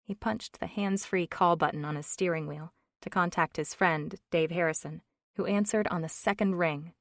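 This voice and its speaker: A woman narrating a romance audiobook in an even, measured storytelling voice. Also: on the low side, creaky, no echo, clean studio sound. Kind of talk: scripted narration.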